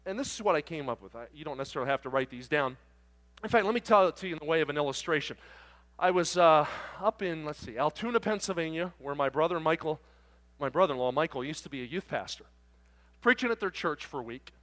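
A preacher from South Jersey telling a lively story in a sermon and acting out the dialogue. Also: male voice, a little high, fast talker. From South Jersey, near Philadelphia. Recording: long reverb in a large hall.

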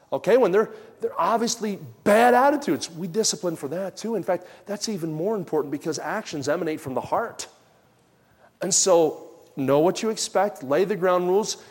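A man delivering a sermon in a conversational, anecdotal way, dropping soft and low when he quotes himself. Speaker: pastor. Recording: long hall reverb.

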